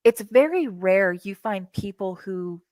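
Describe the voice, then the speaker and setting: Host: excitable, chatty woman from the United States, stumbling restarts, dry close sound on a video call. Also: medium pitch, measured pace, no echo. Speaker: podcast host. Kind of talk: casual interview chat. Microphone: video call with green screen.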